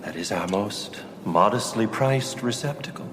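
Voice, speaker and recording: An actor playing a prim, formal funeral director who speaks with quiet disapproval. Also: male voice, on the low side, animated, normal speed, slight background noise. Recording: roomy movie clip with long reverb.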